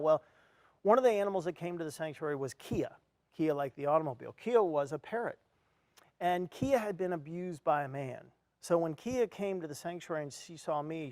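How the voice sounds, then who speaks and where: A man's voice: a little high, a little mellow, no room sound. A man giving a motivational talk to parents, earnestly telling a personal story and acting out his own reactions. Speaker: speaker at an education event.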